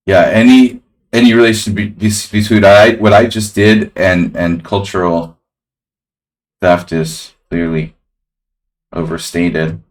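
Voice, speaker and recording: Male chess streamer, very low voice, loose rambling live commentary to chat. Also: little pitch movement, measured pace. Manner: casual, rambling, talks to chat.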